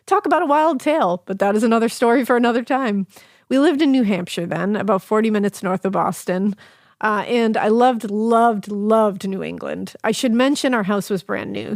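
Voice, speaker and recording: A woman reads a listener's ghost letter aloud on a podcast, breaking off for laughing, cheeky asides and the odd swear. Her voice sits at a middle pitch. The sound is close and dry, with no room around it. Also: no echo. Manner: animated, laughing, swearing casually.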